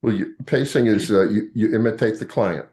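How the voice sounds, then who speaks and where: An older man lecturing a class as a psychologist, halting and full of fillers and restarts. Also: fairly low pitch, mellow, breathy edge.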